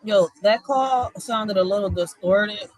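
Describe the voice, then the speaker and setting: A woman's voice: medium pitch, a little slow, no echo, poor audio. A woman commenting on news clips in a blunt, profane, heated way. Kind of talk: casual live commentary.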